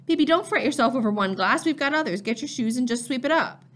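A woman reading a story aloud, voicing a caring mother who soothes her son and fusses over guests in a gentle, hospitable way. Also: sits high, lively intonation, quick pace, voice pushed up. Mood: soothing.

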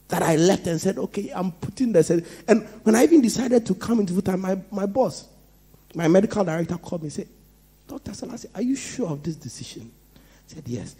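A man with a Ghanaian accent preaching a sermon, telling stories with animated swings between soft asides and loud, laughing outbursts. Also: high voice, slightly rough. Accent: Ghanaian English. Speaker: pastor.

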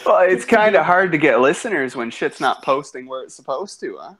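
A man's voice: on the high side, fairly quick. A man hosting a casual chat show who teaches podcasters, telling anecdotes bluntly and swearing a lot. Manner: blunt, profane, animated anecdotes.

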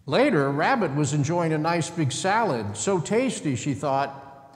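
A male pastor telling a story to children during a service, gently, with asides. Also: a little high, very animated, unhurried. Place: church sanctuary. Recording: echoey church sanctuary.

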